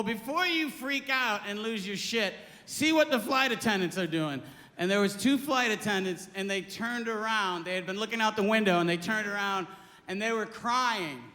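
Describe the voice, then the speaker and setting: A man's voice: high voice, sharp tone. A man performing a stand-up comedy set on a stage before a live audience, with erratic, yelping outbursts. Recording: live hall with audience noise.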